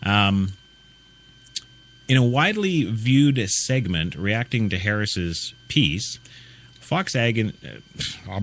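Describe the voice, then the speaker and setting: Male talk radio host, low voice that swings widely, indignant and sarcastic ranting. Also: big pitch swings, takes it slowly. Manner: indignant, sarcastic, rhetorical questions. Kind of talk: ranting opinion commentary.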